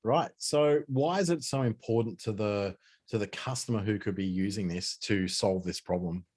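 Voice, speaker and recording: A man's voice: on the low side, moderate pace, darkish tone, husky. A man hosting a webinar, chatty and joking as he coaches guests over a video call. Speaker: webinar host. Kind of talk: casual coaching chat.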